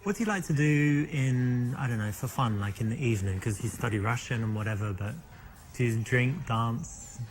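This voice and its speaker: Brief: actor playing cocky British charmer on a date, teasing and boastful, game scene. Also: male voice, medium pitch, normal speed, soft background music, natural voice. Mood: flirting. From England. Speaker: dating game protagonist. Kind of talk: full-motion video game dialogue.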